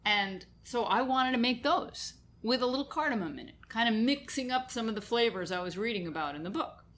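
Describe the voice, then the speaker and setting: A woman's voice: a little high, lively intonation, brisk, a bit bright. A woman with a New York accent, hosting a radio food show in casual chat, talking about a recipe and laughing easily. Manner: chatty, laughs easily, lists ingredients. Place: radio studio.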